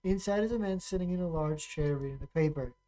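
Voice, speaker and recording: A streamer casually playing a text adventure, reading the story aloud and thinking out loud while typing, often pausing and restarting. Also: medium pitch, slight background noise, rough recording. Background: keyboard typing and clicks.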